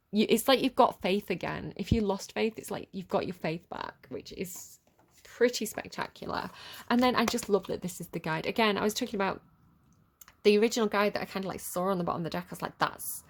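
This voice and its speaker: A woman's voice: medium pitch, gravelly. A woman in her thirties giving a casual tarot reading, chatty and rambling, laughing often between her words. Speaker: tarot reader.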